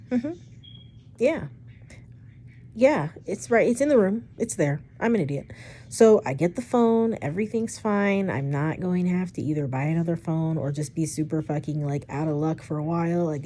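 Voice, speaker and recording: A young woman casually retelling a personal story for her vlog, chatty and rambling, with frequent swearing and animated asides. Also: on the low side, moderate pace. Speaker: storytime vlogger.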